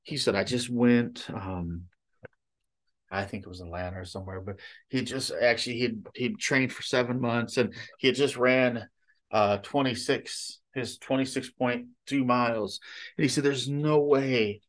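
A man's voice: mid-range voice, fairly even intonation, a little slow. Rambling conversational male preacher. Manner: conversational and rambling, frequent "you know" and "okay?". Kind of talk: sermon.

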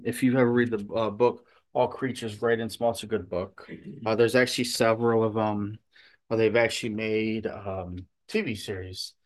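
A male pastor giving a sermon and telling a story in a relaxed, conversational way with many fillers. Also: mid-range voice.

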